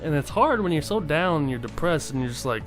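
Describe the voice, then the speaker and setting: A man's voice: fairly high pitch, big pitch swings, fairly quick, soft background music. A young man talking casually and earnestly to his viewers, rambling with many fillers and restarts. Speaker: vlogger. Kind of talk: casual motivational monologue.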